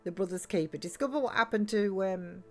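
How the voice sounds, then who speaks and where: A woman's voice: mid-range voice, a little fast, a little mellow, soft background music. A woman chatting and giggling while livestreaming a video game. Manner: chatty, giggly, reads chat aloud. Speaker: game streamer. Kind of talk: live let's-play chat.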